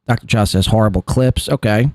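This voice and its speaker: A man's voice: on the low side, brisk, darkish tone, no echo, clean studio sound. A man hosting a live podcast, rambling through clip commentary with lots of fillers and laughs. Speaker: podcast host.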